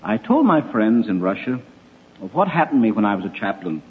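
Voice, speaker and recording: A man's voice: on the low side, brisk. Older man preaching through a tinny line. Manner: lively, emphatic, wry rhetorical questions. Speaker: speaker addressing young people. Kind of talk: evangelistic talk with anecdotes. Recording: tinny phone-like recording.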